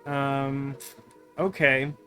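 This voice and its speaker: A man's voice: mid-range voice, level tone, very slow, pushed and bright, soft background music. A man hosting a let's play, chatting casually and rambling with lots of fillers while he plays. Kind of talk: casual gameplay commentary.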